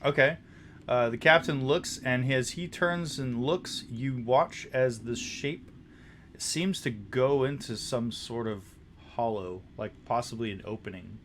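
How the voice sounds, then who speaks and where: A man's voice: medium pitch, slight background noise. Man narrating as dungeon master. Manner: descriptive, halting narration with restarts. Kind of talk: narrating a tabletop game.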